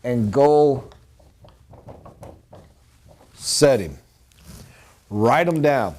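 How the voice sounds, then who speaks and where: A man's voice: mid-range voice, expressive, drawn-out words, a little mellow. A middle-aged man giving a rambling, earnest motivational talk as a sales trainer.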